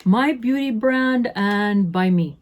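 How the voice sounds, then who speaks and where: A woman's voice: mid-range voice, slow. Sassy, chatty woman in her fifties. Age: 50s. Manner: chatty, sassy, self-interrupting asides. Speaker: beauty vlogger. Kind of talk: casual unboxing chat.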